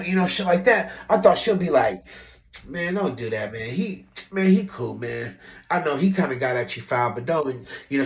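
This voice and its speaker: A man telling a story from his old job in a casual, animated and profane way, acting out what people said. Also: medium pitch, echoey room. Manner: animated, profane, acts out quotes with shifting voice. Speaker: vlogger telling a work story.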